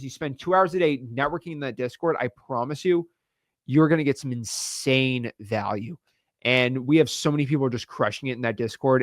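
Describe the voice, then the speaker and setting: A young man coaching real estate wholesaling in an energetic online course style, hyped and slangy with rapid repeated words. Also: on the high side, no room sound, studio quality.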